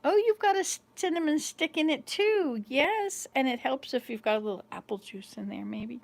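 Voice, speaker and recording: Speaking at a moderate pace in a high, creaky voice, this vlog host in her fifties tells meandering stories from home to a small camera. She's chatty and laughs a lot.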